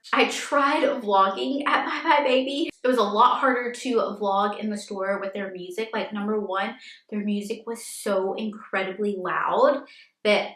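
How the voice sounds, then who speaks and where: Here's a woman in her thirties, a new mom, taking viewer questions in a relaxed vlog recorded in a room with noticeable echo. Her medium-pitched voice has a fairly bright quality, and she talks chattily, leaning heavily on "like" as filler.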